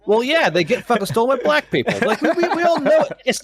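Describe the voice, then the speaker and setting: A man's voice: very high-pitched, very animated, fast talker, a crowd in the background. A man from Oklahoma, ranting heatedly in a casual podcast chat, swearing often and stumbling over repeated words. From Oklahoma, USA. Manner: heated, profane ranting with many stuttered restarts.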